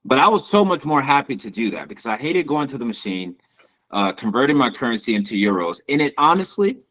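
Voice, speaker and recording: A young man co-hosting a podcast, talking casually in slangy, animated speech. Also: medium pitch, fast talker, low-quality recording. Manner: slangy, animated, says bro a lot. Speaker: podcast co-host. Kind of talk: casual chat.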